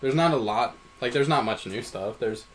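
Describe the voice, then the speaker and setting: A man's voice: medium pitch, animated, normal speed. A man co-hosting a casual comedy podcast, reacting with incredulous questions. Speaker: podcast co-host.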